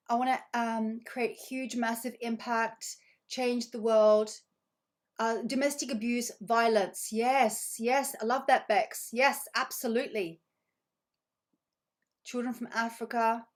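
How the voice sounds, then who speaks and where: A woman coaching a live online group, reading out comments with bursts of praise and repeating phrases for emphasis. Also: on the high side. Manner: effusive, reads chat comments aloud with bursts of praise. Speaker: money coach.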